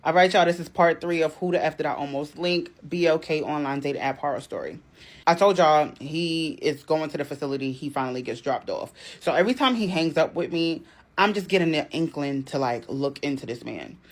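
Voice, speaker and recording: A woman telling a dating story in a casual, animated way, acting out both sides of the conversation. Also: sits low, fairly quick.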